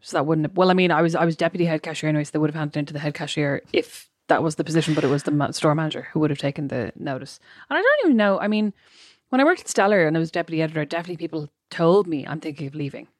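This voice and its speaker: A woman's voice: deep voice, animated, very fast, no room sound, clean studio sound. An Irish woman in her thirties co-hosting a podcast, chatting casually and self-deprecatingly. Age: 30s. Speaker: podcast co-host. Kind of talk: casual chat.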